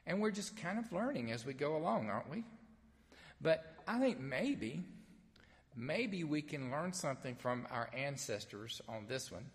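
A man with a Southern accent, a pastor from Mississippi, preaching an Easter sermon in a folksy storytelling way with gentle humor. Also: a little high, very animated, a little slow, big-room sound. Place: sanctuary with only a few people present.

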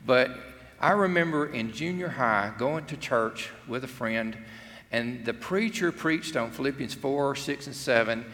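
A man's voice: medium pitch, unhurried, fairly bright tone. A middle-aged man, preaching an earnest, conversational sermon and acting out quotes. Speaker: pastor. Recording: long hall reverb.

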